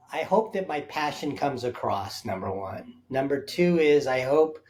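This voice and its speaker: A man's voice: medium pitch, expressive, slow, darkish tone. A man speaking as a guest on an interview podcast, earnest and reflective, laying out his points one by one. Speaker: guest, safari company founder. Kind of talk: conversational interview answers.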